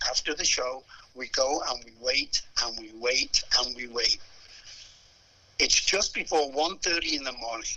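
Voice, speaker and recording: An older man, telling stories as a musician guest in an interview, animated and acting out the people in them. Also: medium pitch, breathy edge, poor audio. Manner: animated storyteller who acts out voices and hums melodies. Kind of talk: anecdotal storytelling interview.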